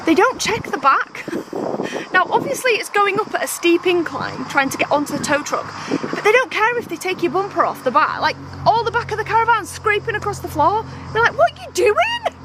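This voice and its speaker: Speaking a little fast in a very high voice, a woman vlogs outdoors at a campsite, telling an exasperated story in casual vlog style. She's animated and acts out what people said. It's an outdoor phone video with traffic noise, passing cars and outdoor ambience behind her.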